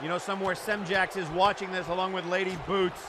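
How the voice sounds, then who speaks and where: Excitable high-voiced male wrestling commentator. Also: quick pace. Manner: excitable, shouting during big moments. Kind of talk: play-by-play commentary. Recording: crowd and loud background noise.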